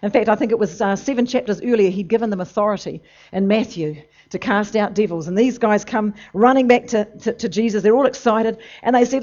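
A preacher delivering a sermon emphatically, moving between loud bursts and low, intense passages. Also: fairly quick. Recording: dull lo-fi recording.

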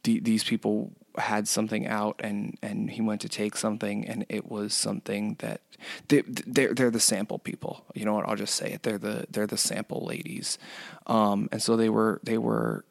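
A man's voice: on the low side, little pitch movement, normal speed, creaky, no echo, clean studio sound. A man casually telling a rambling story about his workplace, full of restarts and fillers. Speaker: retail worker telling a work story.

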